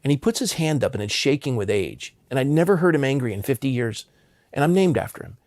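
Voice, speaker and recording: A man's voice: medium pitch, animated, fast talker, a little mellow, dry recording, clean studio sound. A man in his fifties, a pastor from Southern California, earnestly telling personal stories in an interview. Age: 50s. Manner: earnest, impassioned.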